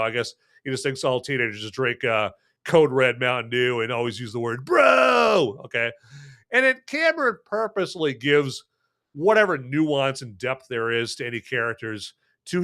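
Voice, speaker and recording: A man hosting a podcast, reviewing a film in an animated, sarcastic chat full of "you know" and "okay?". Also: mid-range voice. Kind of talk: casual chatty review.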